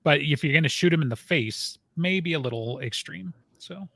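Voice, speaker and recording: A man co-hosting a podcast, speaking in a measured, hedging way in casual chat. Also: a little high, animated, gravelly, fairly bright tone. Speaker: podcast co-host.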